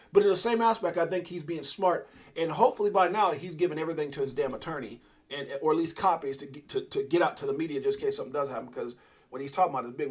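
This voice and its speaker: A middle-aged man hosting a live crypto stream, talking to his chat in an excitable, rambling way. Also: a little high, breathy edge. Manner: excitable, rambling, talks to chat and reads out posts. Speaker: crypto livestream host. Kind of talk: casual live commentary.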